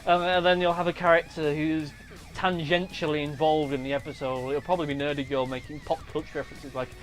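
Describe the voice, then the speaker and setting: A man's voice: fairly high pitch, flat delivery, fairly quick, faint music behind. A man rambling through a profane, comedic TV review monologue. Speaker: video reviewer.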